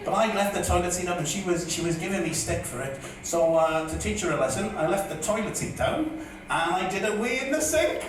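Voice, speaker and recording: A man's voice: high voice, lively intonation, brisk. A man from West Wales doing a wry, self-deprecating stand-up comedy set in a hotel function room. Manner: wry, self-deprecating, loud stage delivery. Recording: echoey room heard from far off, faint noise.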